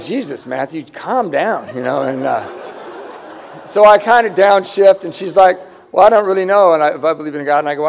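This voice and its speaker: Guy around 50 telling a funny story on stage, pokes fun at himself, does all the voices, kinda high voice. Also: vocal fry, a little hiss or hum. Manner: animated, self-mocking, acts out voices. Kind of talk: live comic storytelling.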